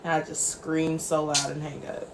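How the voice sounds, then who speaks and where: A woman's voice: sits low, monotone, moderate pace, gravelly, a crowd in the background. A young woman getting her hair braided tells playful stories in a casual livestream chat, often breaking into giggles. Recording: echoey room with faint background noise.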